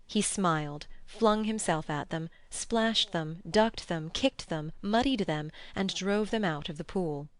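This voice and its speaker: A woman narrating a classic novel as an audiobook, with a measured, expressive reading on a close studio mic. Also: on the low side, no room sound. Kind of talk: scripted narration.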